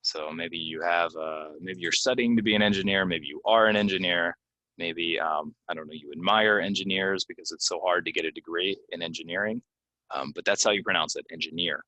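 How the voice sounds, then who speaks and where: Man, english pronunciation lesson, slow repetitions, deep bright voice. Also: dry recording, poor audio. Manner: repeats words slowly with example sentences, many ums. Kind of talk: slide-based pronunciation lesson.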